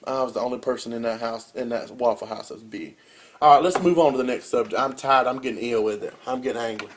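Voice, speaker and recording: A young man, a college student telling a comic rant as a casual vlog with big swings in pitch and loudness. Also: quick pace, slight background noise. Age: young adult. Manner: animated storytelling with wide swings in pitch and loudness.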